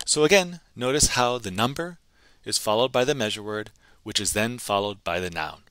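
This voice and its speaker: A man teaching a recorded language lesson, patiently explaining grammar and repeating phrases slowly for learners to copy. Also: on the low side, expressive, a bit bright, clear, resonant tone, no room sound. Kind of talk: pre-recorded lesson narration.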